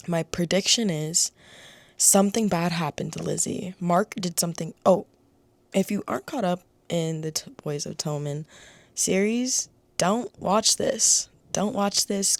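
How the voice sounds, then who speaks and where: A young woman talks to her camera at home about books, her voice a little low for a woman. She is chatty and emotional, laughing easily and letting sentences trail off. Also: darkish tone, no echo. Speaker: book vlogger. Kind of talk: casual chat to camera. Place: home room.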